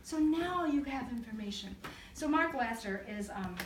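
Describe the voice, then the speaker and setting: Woman counselor, animated storyteller, slightly high voice, echoey room, distant mic. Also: normal speed, background noise. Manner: animated storyteller, acts out voices and laughs often. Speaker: counselor speaking to a group. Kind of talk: church talk to a live group. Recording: echoey room recorded from far off.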